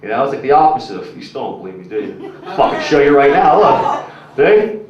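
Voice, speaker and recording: A man's voice: mid-range voice, lively intonation, fast. A young man doing a stand-up set, rambling and crude, full of "like" and "you know", talking to the crowd. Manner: crude, rambling, filler-heavy delivery. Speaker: stand-up comedian. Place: comedy club stage. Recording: echoey, muffled room recording from a distance.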